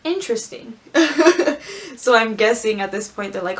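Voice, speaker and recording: Excitable fangirl woman, gushing. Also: fairly high pitch, a little slow. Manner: excitable, gushing fan chatter with squeals. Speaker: vlogger. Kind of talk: casual script-reading commentary.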